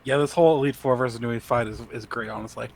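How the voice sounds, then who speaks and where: A man co-hosting a podcast, chiming in with brief quick remarks during casual chat. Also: medium pitch, fairly even intonation, creaky. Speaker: podcast co-host.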